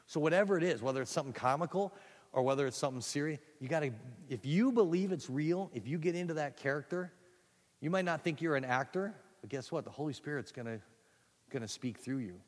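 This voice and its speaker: A man giving a conversational teaching talk on storytelling for children's ministry, animated, with frequent restarts and asides. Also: fairly high pitch, fast, in a large hall.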